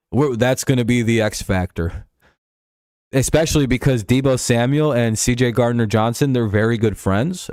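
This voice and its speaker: A man's voice: medium pitch, a little mellow, clear, resonant tone, no room sound, clean studio sound. A young man hosting a live stream, chatting casually about football in a rambling, profane way and reading out chat messages.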